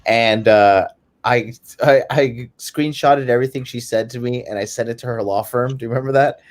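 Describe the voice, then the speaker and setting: A man in mid-range pitch chatting on a podcast, crude and mocking as he tells his stories. He sounds animated and blunt. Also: moderate pace. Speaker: podcast co-host. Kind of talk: casual chat.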